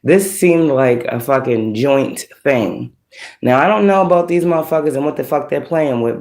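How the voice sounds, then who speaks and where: Profane animated woman telling a dream. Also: extremely low pitch. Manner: profane, animated, laughing retelling. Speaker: spiritual reader. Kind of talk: casual storytelling to an online audience.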